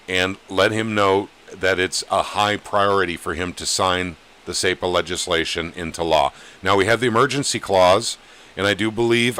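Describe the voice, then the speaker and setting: Bright-voiced, plain-spoken male podcast host. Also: deep voice. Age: over 35. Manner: plain-spoken, rallying, calls viewers "gang". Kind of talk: casual live-stream chat.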